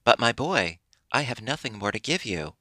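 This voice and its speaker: A man voicing a patient, gentle old father who lectures mildly and never loses his temper. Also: mid-range voice, very animated, moderate pace, no room sound.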